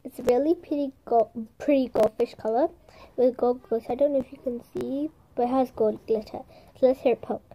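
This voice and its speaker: A woman's voice: a little high, a little fast, muffled recording. A young woman chatting casually as she shows off toy squishies and slime, bubbly and playful, sometimes dropping into a whisper and making little sound effects. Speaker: vlogger showing squishies and slime. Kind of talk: casual show-and-tell with ASMR bits.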